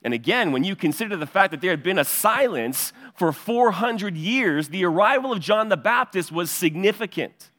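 A man's voice: high-pitched, animated, normal speed, few pauses, pushed and bright, long reverb tail. A male pastor preaching an expository sermon in an earnest teaching cadence, pointing listeners to verses.

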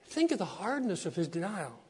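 A man preaching a sermon as a pastor, repeating key phrases and swinging between soft low lines and loud emphatic ones. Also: big pitch swings, fairly quick, husky.

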